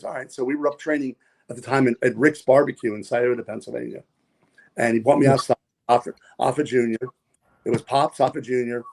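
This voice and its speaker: A man's voice: medium pitch, a little mellow. Rambling man telling stories. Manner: rambling, repeats words, many fillers. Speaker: podcast guest, wrestler and pilot. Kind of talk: casual storytelling interview.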